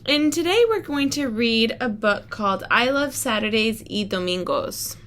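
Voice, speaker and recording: A woman's voice: fairly high pitch, lively intonation, fairly bright tone. Woman teacher reading a book aloud. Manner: thinks aloud slowly, modeling reading strategies. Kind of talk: read-aloud lesson for children.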